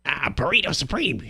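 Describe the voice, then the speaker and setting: Male podcast host, slightly high, very animated pitch, jokey banter. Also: vocal fry, breathy edge. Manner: jokey, quick to laugh, fiddles with recording gear. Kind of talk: casual banter.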